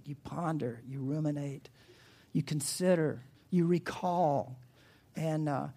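A pastor preaching a sermon, animated and asking the congregation questions, dropping to a soft, hushed voice in reflective passages. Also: medium pitch, vocal fry.

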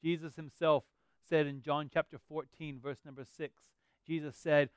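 A man's voice: a little high, little pitch movement, moderate pace, clean tone, no room sound. A middle-aged man preaching a sermon as a pastor, earnest and conversational with emphatic rises.

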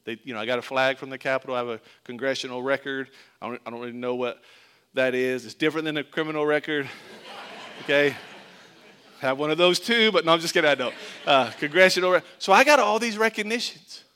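A man's voice: mid-range voice, fast, pushed and bright, smooth. A middle-aged man from Florida preaching a sermon in a conversational, joking way, mixing scripture with a story from his own childhood. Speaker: pastor.

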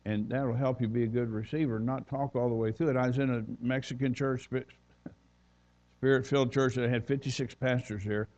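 A man's voice: mid-range voice, a little mellow, highs cut off. A man preaching as a visiting minister, telling folksy stories and reading scripture aloud. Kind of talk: sermon.

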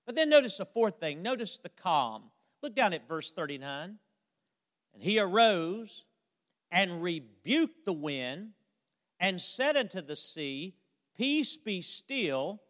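A man delivering a sermon in a high, slow-paced voice. He preaches emphatically, quotes old scripture and stretches out the ends of his phrases. His voice carries a long hall reverb. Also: big pitch swings, fairly bright tone.

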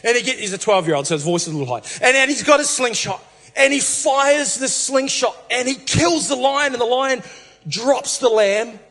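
High-voiced preacher telling a story. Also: male voice, moderate pace. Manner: playful, animated, with many restarts. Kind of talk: humorous sermon storytelling. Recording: reverberant hall, faint music.

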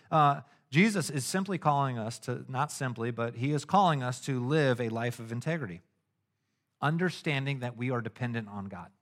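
Animated, slangy middle-aged pastor. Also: male voice, mid-range voice. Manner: animated and casual, with slangy asides and acted-out anecdotes. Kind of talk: conversational sermon.

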